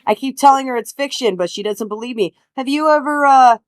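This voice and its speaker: A woman's voice: sits high, brisk, no room sound, voice pushed up, lightly acted. A woman voicing a suspicious, theatrical young boy who treats everyone as an enemy. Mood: scheming. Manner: theatrical, mock-serious.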